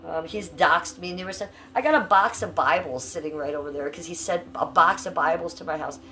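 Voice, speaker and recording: This Ohio livestreamer has a fairly low, sharp-toned voice and talks a little fast. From home, she chats casually and straight to her viewers in a brash, blunt, foul-mouthed manner.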